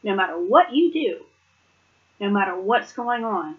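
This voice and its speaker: A woman's voice: mid-range voice, very animated, a little slow, narrow, tinny audio. A woman giving a casual, earnest devotional talk. She reads scripture aloud and reflects on it, often laughing lightly between points. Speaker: Bible study speaker.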